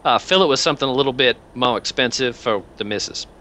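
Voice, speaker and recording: A man voicing a gruff, blunt Southern woman commander who swears freely and calls people honey and son, with a Southern accent. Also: medium pitch, fast, bright, forceful tone, a little hiss or hum, close to an everyday voice.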